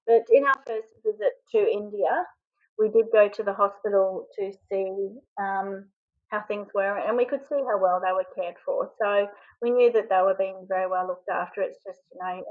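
A woman from Australia telling a personal story in an interview, halting and often choked up with emotion. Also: medium pitch, narrow, tinny audio. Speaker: interview guest.

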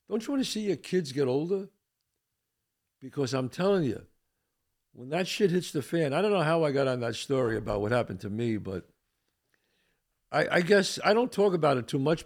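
A man's voice: a little high, darkish tone. An older man hosting a podcast, talking casually and earnestly, repeating his points with blunt emphasis and a little swearing. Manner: blunt, mildly profane. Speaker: podcast host. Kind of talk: casual monologue.

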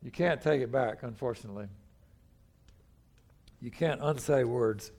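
A man's voice: medium pitch, unhurried, creaky, a little mellow. An older male pastor preaching a sermon in a conversational way, acting out the people in the story as he goes.

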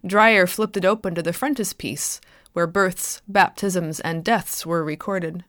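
A woman author narrating her own short story in a clear, measured storytelling voice. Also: on the low side, steady tone, fairly bright tone, no echo, studio quality. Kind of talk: scripted narration.

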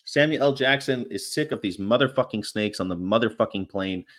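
A man's voice: on the low side, brisk, a bit bright. A man vlogging in a casual, rambling monologue with offhand, crude, jokey asides.

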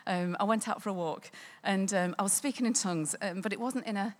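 A woman's voice: mid-range voice, fairly quick. A woman tells a personal faith testimony, chatty and full of ums. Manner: conversational with frequent ums and laughter. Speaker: speaker sharing a testimony.

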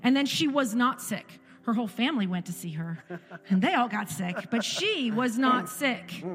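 A woman's voice: on the high side, animated, normal speed, fairly bright tone, in a large hall, faint music behind. A woman in her forties giving an impassioned church testimony, firing off repeated rhetorical questions. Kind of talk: sermon testimony.

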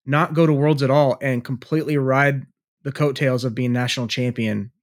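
A man's voice: medium pitch, steady tone, moderate pace. Chill guy cohosting a podcast over a call from his garage, says man a lot. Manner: laid-back, loose, sprinkled with "man" and "hell yeah". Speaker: podcast co-host. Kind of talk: casual chat. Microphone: remote call.

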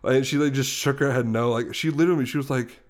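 A man's voice: mid-range voice, fast. A young man on a podcast, casually telling a long story with frequent laughs and restarts. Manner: rambling, laughs often while telling a story. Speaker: podcast co-host.

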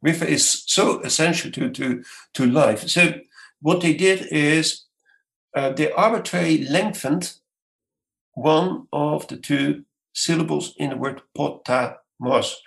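A gravelly man explains his field in an interview, taking his time. He lectures patiently, with frequent "uh"s and restarts as he searches for words. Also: on the high side, a bit bright, rough recording. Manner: measured, lecturing, many hesitations. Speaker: scholar guest.

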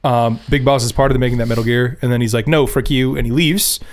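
Laughing young podcast host. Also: male voice, mid-range voice, steady tone, fast. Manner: giggly, self-mocking, laughs often mid-sentence. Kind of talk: casual chat.

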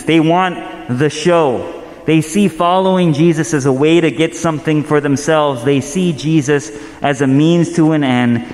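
A man in his thirties preaching a sermon, casual and animated, telling stories with quick asides. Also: mid-range voice, in a large hall. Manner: conversational, animated storytelling with asides. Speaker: pastor.

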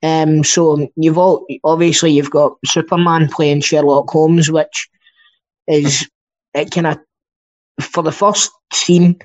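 Speaking slowly and flatly in a fairly high voice, a Scottish podcast co-host rambles through casual chat and swears freely. The recording has a dull, lo-fi sound.

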